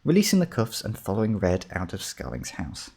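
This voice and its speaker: Casting: male storybook narrator, lowish and gravelly, steady reading. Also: brisk.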